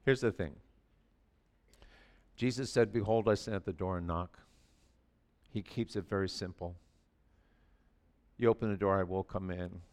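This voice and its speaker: A man in his sixties preaching a sermon in a church, telling stories animatedly and swinging from quiet asides to near shouting. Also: deep voice, a little slow, pauses often. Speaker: pastor.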